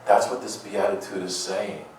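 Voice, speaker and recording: A man's voice: on the low side, moderate pace, darkish tone, slight background noise. A man giving a conversational homily, full of rhetorical questions and playful asides, often repeating his words as he goes. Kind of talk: conversational sermon. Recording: very echoey room, distant mic.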